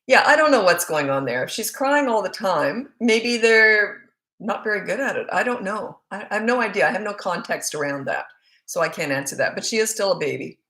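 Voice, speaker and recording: A woman's voice: medium pitch, lively intonation, a little fast, a bit bright. Blunt chatty woman, roomy echo. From Australia. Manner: chatty, blunt, reads out comments and answers them directly. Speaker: parenting coach answering viewer questions. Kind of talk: casual live Q&A chat.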